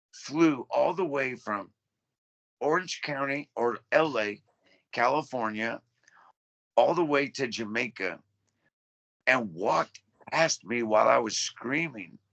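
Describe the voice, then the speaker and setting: A man's voice: mid-range voice, expressive, slow, creaky, long pauses, a bit bright. A man in his thirties telling his story as a podcast guest, blunt and full of swearing. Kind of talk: casual interview.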